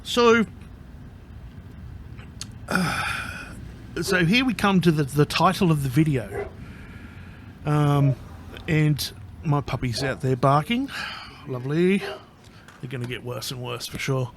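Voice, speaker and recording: A man's voice: fairly high pitch, lively intonation, slow, long pauses, a bit bright, slight background noise. A man talking casually to camera in a rambling vlog monologue, swearing constantly as he tells his story. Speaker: vlogger.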